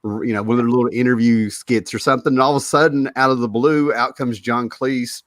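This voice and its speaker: A man's voice: medium pitch, steady tone, fairly quick, no echo. A man hosting a casual show, joking and laughing often as he introduces his co-hosts. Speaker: podcast host. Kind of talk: casual chat.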